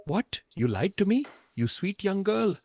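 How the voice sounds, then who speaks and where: A synthetic male voice with an Indian accent playing a lonely, pushy man who keeps pressing a stranger, speaking low and close to the mic in broken English. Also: very animated, measured pace, darkish tone, dry recording, heavily acted. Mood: clingy pushy. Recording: dull, dry lo-fi synthetic voice.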